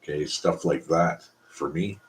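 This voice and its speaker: A man's voice: rumbling low, measured pace. A Canadian man hosting a casual live stream, talking bluntly and profanely in a rambling way.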